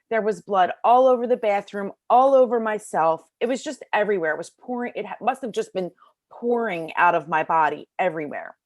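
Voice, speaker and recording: A middle-aged woman tells her own story as an interview guest, animated and casual, slipping into other people's voices along the way. Her voice sits at an ordinary middle pitch. She speaks from a bedroom at home with a dry, close sound and no room echo. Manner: casual, lots of fillers like "like". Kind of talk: personal storytelling.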